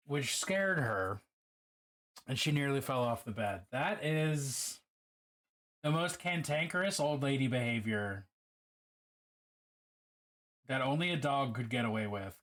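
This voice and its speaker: A man's voice: mid-range voice, a bit bright. A man streaming live while painting miniatures. He chats casually, swears freely and greets viewers by name.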